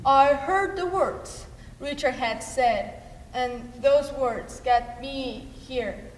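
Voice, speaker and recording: Teen girl, high bright voice, slow, intense solo monologue, echoey hall. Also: a little hiss or hum. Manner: intense, halting, emotional delivery. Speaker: student performer. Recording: echoey hall, faint ambience.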